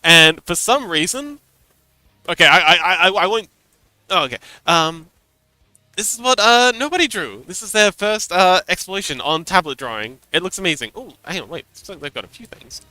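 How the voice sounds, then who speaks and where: A man's voice: sits high, animated, normal speed, sharp tone, no echo, faint music behind. A man chatting casually on a livestream as a game master, telling a story animatedly and laughing often.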